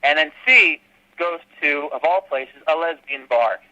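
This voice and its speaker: A man being interviewed about his fan films, telling animated stories and acting out quotes. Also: fairly high pitch, a little slow, highs cut off. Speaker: fan filmmaker guest. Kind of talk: casual podcast interview.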